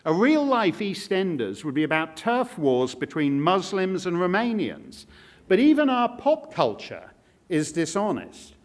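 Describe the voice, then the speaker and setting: A man speaking to a live audience in a wry, sardonic way, dropping jokey asides. His voice sits high for a man and rises and falls a great deal. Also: huge pitch swings, measured pace.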